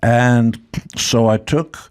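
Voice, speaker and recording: An older man from Israel, a guest telling rock-tour stories in a relaxed chat, with dry joking asides. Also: mid-range voice, slow, no room sound. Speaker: guest musician. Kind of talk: casual storytelling.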